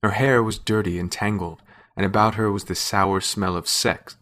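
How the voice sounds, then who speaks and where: A man narrating a fantasy story in a measured, wry storytelling manner. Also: lowish voice, steady tone, a bit bright. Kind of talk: scripted narration.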